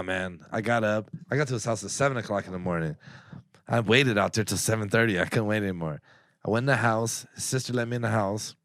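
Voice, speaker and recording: A man's voice: on the low side, dry recording. A man co-hosting a podcast, telling a story in blunt, profane, worked-up casual chat, openly annoyed. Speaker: podcast co-host.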